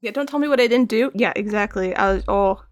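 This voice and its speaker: Painting on stream, this art streamer in her thirties tells lively stories, performing other people's quoted lines and laughing frequently as she chats. She speaks fairly quickly at a medium pitch, in studio-quality audio with no room sound.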